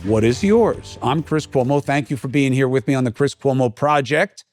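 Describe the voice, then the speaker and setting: A middle-aged man talks straight into the mic in a blunt, emphatic podcast monologue. His pitch sits in an ordinary male middle range. The sound is close and dry, with no room around it. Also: moderate pace, a little mellow, no room sound, soft background music. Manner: blunt, conversational, emphatic, swears. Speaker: podcast host. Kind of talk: opinion monologue.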